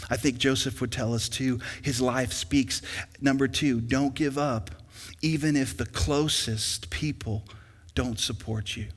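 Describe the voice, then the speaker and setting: A young man preaching a sermon as pastor in a church, emphatic and rising to loud peaks, with an easy storytelling manner. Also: mid-range voice, steady tone, measured pace. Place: church sanctuary. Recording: long hall reverb.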